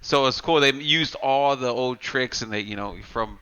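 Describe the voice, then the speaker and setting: Male co-host, crisp smooth tone, relaxed conversational asides. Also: medium pitch, normal speed, highs cut off. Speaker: podcast co-host. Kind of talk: casual movie chat.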